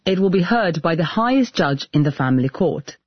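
A man tells an investigative story in calm, scripted narration. His voice sits a touch high and sounds a little husky. It is closely miked and dry, with faint music underneath. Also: a little fast, no echo, lo-fi sound. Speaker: journalist presenter.

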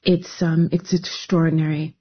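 A woman filmmaker reflects in an interview, unhurried and searching for words. Her voice is husky and slightly low, and the interview audio is dull. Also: flat delivery. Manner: slow, reflective, with restarts. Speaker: filmmaker guest.

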